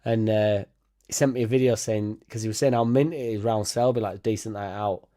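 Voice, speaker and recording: A man's voice: on the low side, fairly even intonation, a little fast, mellow. A young man hosting a casual fan livestream, laughing often, swearing freely and rambling as he reacts and thanks viewers. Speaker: fan channel host.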